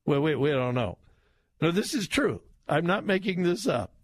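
A man's voice: a little high, sing-song. A male radio talk show host giving political commentary, mocking and laughing as he talks, stretching his words for emphasis. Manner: mocking, laughs while talking, drawn-out emphatic delivery. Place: radio studio. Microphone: studio microphone.

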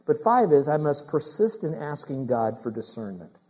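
A man preaching a sermon as pastor, talking straight to his congregation with questions and building to loud, emphatic preaching. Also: a little high, very animated, normal speed, slightly rough.

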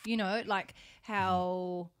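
Soft-spoken giggly woman podcaster. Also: medium pitch, fairly even intonation, very slow, slight background noise. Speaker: podcast co-host. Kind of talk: casual chat.

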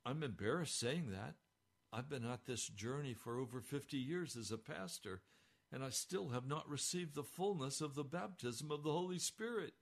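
An older man preaching a sermon as a pastor, impassioned, swinging between hushed and crying out, his voice almost hoarse. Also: medium pitch, lively intonation, normal speed.

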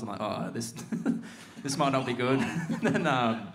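A man's voice: mid-range voice, lively intonation, moderate pace, a bit bright, a little hiss or hum. A young Australian man, a surfer guest, telling stories in a laid-back way with frequent laughs. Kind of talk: casual podcast chat.

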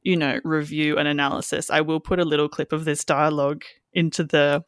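A woman's voice: sits low, little pitch movement, brisk, clean tone, no echo, studio quality. A woman hosting a podcast, chatting casually and acting out quotes as she talks. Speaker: podcast host. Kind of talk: casual chat.

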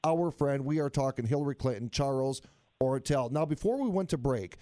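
Warm-voiced male radio host. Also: medium pitch, normal speed, no echo, clean studio sound. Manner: energetic announcer delivery. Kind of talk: talk radio hosting. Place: radio studio.

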